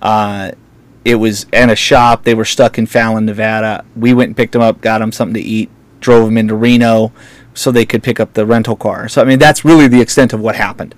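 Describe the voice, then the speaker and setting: A man's voice: on the low side, fairly even intonation, fairly quick, dry recording. A man co-hosting a talk radio show, joking around and laughing often in casual chat.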